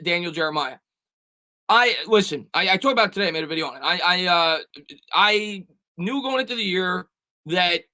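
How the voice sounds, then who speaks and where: Bright-voiced man hosting a sports stream. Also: high-pitched, no room sound. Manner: fast, repetitive, stammering restarts. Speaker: sports channel host. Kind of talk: live stream reading chat.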